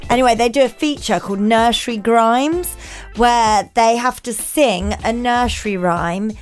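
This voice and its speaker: A woman's voice: on the high side, unhurried, faint music behind. A woman co-hosting a casual chat podcast, giggly and chatty, often breaking into squeals. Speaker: podcast co-host.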